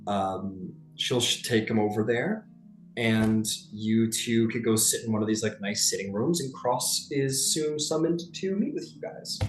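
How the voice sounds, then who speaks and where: Rambling game master in an echoey room. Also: male voice, lowish voice, measured pace, faint music behind. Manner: rambling, lots of "like" and "um". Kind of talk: narrating a tabletop game.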